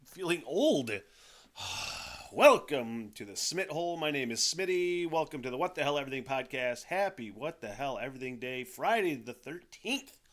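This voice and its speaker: Bright-voiced, profane podcast host. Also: male voice, mid-range voice, sing-song, normal speed. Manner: rambling, profane, frequent sighs and laughs. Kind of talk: casual rambling monologue. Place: home studio.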